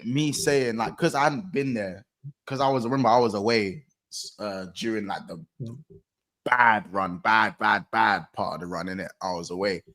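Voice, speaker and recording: A young man chatting casually about football on a podcast, laid-back and slangy, trailing off quietly. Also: lowish voice, moderate pace. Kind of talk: casual chat.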